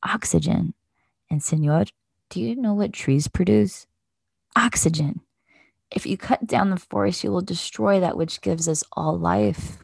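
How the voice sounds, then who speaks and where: A woman's voice: on the low side, moderate pace, creaky, a little mellow, no room sound. A woman voicing tree porcupines in a children's storybook, speaking in a whisper. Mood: hushed.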